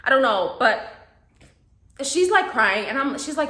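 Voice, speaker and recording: Animated young woman telling a story. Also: on the high side, a little fast, roomy sound. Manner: animated, repeats "okay?", swears casually. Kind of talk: casual storytime monologue.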